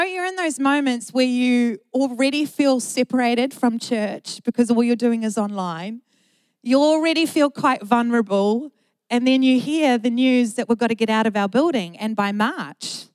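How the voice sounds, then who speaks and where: A woman's voice: a little high, moderate pace, clean tone, dry recording, rough recording. Emphatic woman pastor preaching. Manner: earnest, emphatic preaching with repeated phrases. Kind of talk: sermon.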